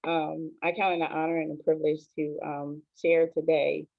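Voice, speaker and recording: Pastor lady in her 40s sharing her story over a call, low voice, lots of ums, thin phone-like sound. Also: flat delivery, moderate pace, gravelly. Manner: soft-spoken, hesitant with many ums, earnest. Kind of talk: personal testimony on an online show. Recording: tinny phone-like line, dry.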